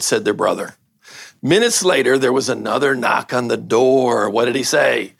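A man's voice: medium pitch, normal speed, creaky, a bit bright, no echo, clean studio sound. An older man, a pastor, giving a casual sermon, reading a story aloud and bantering with his audience.

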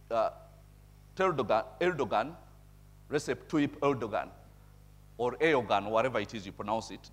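A man's voice: mid-range voice, slightly rough. Emphatic male preacher asking "eh?". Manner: conversational, tags remarks with "eh?"; chuckles at his own points. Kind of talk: sermon with bible reading and commentary.

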